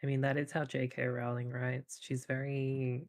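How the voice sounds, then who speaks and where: Deadpan, crude-joking chat guest. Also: mid-range voice, moderate pace. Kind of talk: casual chat.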